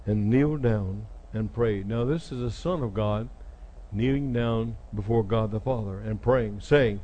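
A man's voice: fairly low pitch, unhurried, muffled recording. Man preaching with dramatic swings. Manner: dramatic retelling, acting out speakers with sudden loud jumps. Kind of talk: sermon.

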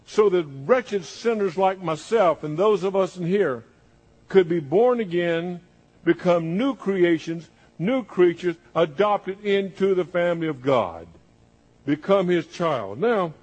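Male preacher, high husky voice, dramatic sermon delivery with repeated builds. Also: slow, a little mellow, lo-fi sound.

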